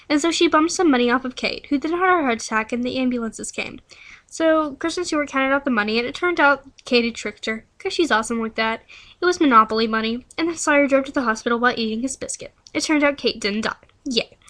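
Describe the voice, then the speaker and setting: A woman's voice: high voice, fast, fairly bright tone. A young woman telling a rambling, silly made-up story in a playful, giggly way. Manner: giggly, playful, breaks into song.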